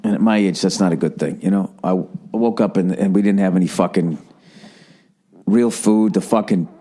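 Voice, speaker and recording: A middle-aged man from Boston hosting a podcast, ranting casually and profanely, swinging between loud gripes and low muttering. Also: moderate pace, husky. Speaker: podcast host. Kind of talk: casual comedic podcast rant.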